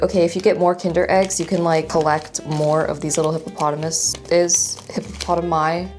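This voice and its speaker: Chatty low-voiced young woman vlogging. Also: a little fast, hardly any pauses, soft background music. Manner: chatty and excitable, gushing over small things. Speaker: food vlogger. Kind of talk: casual taste-test vlog.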